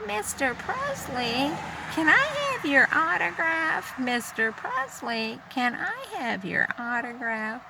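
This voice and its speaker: A man voicing a frantic young woman fan begging a star for an autograph, in a high, pleading falsetto. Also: big pitch swings, takes it slowly, creaky, very noisy, full character voice.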